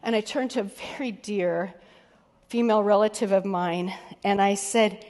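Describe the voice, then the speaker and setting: A woman's voice: medium pitch, steady tone, moderate pace, a little mellow. Candid woman speaker in a reverberant hall. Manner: candid, conversational, casually swearing. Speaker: keynote speaker and executive coach. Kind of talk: motivational keynote talk.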